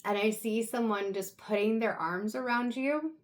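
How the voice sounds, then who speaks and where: A woman giving an intuitive tarot reading, talking softly and reflectively with pauses, at times close to tears. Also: on the high side. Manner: soft, reflective, halting with pauses. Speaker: tarot reader.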